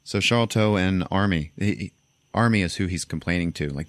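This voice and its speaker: A young man with a deep voice hosts a casual podcast and recaps a film scene by scene. He tells it loosely and animatedly, jumping into high voices for the characters. The sound is close and dry. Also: normal speed, no echo. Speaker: podcast host.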